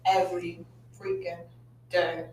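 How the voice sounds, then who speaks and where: A woman's voice: lowish voice, monotone, takes it slowly, a little mellow, reverberant. A woman in her twenties co-hosting a podcast, telling stories animatedly and laughing often. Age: 20s. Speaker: podcast co-host. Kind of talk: casual chat.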